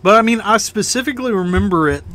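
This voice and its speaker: A man's voice: sits high, expressive, quick pace, fairly bright tone. A man co-hosting a casual beer-drinking chat, rambling with lots of filler and swearing. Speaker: podcast co-host.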